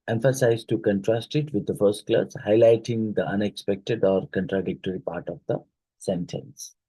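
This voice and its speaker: A man leads an exam-prep lecture, reading out each question and repeating it before working through the answer. His voice sits low and mellow with a slightly husky edge. The recording is dry, with no room sound. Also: no echo, low-quality recording. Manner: talks through questions, repeats them aloud, many fillers. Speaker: teacher.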